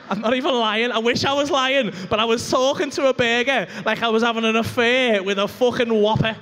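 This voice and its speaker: A young man with a Liverpool accent telling a rambling, swearing, animated story as a stand-up comedian on a club stage. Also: very high-pitched, fairly quick, hardly any pauses, a little hiss or hum. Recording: reverberant comedy club hall.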